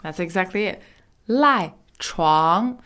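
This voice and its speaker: A woman hosting a language lesson podcast, explaining phrases in a chatty way and saying model words slowly and carefully. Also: lowish voice, expressive, a bit bright. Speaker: Mandarin teacher.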